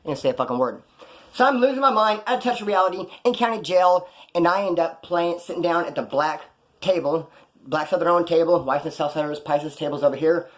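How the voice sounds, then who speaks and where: A man spins rough, rambling stories at a rapid clip, peppered with profanity. His voice sits a little high, and his tone stays wry and offhand. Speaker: vlogger recounting jail stories. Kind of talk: casual storytelling.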